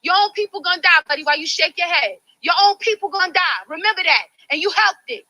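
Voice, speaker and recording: A woman's voice: very high voice, fast talker, hardly any pauses, pushed and bright, rough recording. A woman activist confronting campaign volunteers, passionate and pleading in a preachy way, filmed on a handheld phone. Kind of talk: heated street confrontation.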